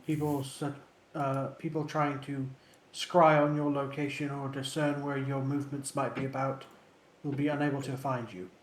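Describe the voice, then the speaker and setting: A man narrating a tabletop game as dungeon master, slow and full of hesitant fillers. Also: medium pitch, level tone, reverberant, a little hiss or hum.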